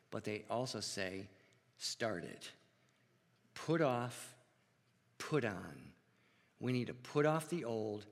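A man preaching a sermon as pastor in a church, earnest and deliberate, asking his congregation rhetorical questions. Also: medium pitch, long reverb tail.

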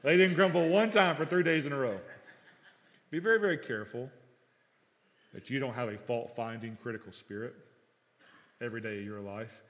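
A man's voice: medium pitch, normal speed, pauses often. Fervent preacher man in a reverberant hall. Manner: storytelling preacher, acts out dialogue, swings loud and quiet. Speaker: pastor. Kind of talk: sermon.

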